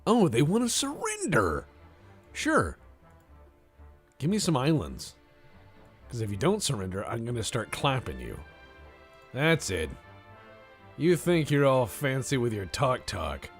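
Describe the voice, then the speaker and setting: A man's voice: mid-range voice, huge pitch swings, a little slow, long pauses, faint music behind. A man streaming a naval strategy game, giving playful, rambling commentary with jokey asides to his chat. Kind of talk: casual live-stream commentary.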